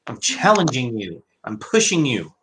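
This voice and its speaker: A man's voice: mid-range voice, huge pitch swings, moderate pace, noisy background. A man hosting a casual live-stream chat, speaking in a hesitant way with many restarts. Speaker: host.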